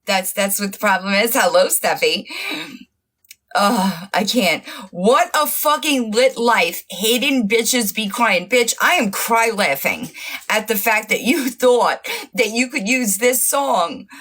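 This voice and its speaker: Bright-voiced woman mocking on a livestream. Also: mid-range voice, animated, slow pace. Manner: mocking, profane, laughing often. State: losing her voice from laughing. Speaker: livestream host. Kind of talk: casual livestream rant.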